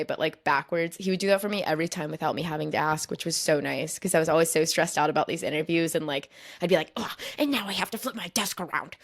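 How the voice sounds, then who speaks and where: A young adult woman hosting a podcast, telling a story in a casual, chatty way and filling her speech with "like". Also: fairly low pitch. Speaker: podcast host.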